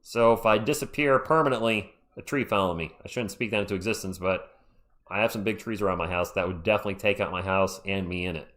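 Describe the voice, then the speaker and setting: Excitable male fan calling a game live. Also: deep voice, fast. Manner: excitable, chatty, jumps between game calls and asides to chat. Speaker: livestream play-by-play commentator. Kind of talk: live fan play-by-play commentary. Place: at home. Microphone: own microphone.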